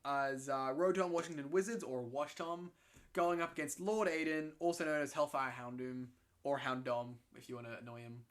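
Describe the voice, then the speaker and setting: Excitable, swearing male game commentator. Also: a little high, normal speed. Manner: excitable, swears freely, restarts often. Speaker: co-host commentating league matches.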